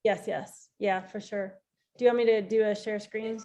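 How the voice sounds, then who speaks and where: A woman's voice: medium pitch, fairly even intonation, normal speed, warm tone. Woman with ums going over plans. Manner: hesitant, lots of ums. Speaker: event organizer. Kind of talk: casual group video call.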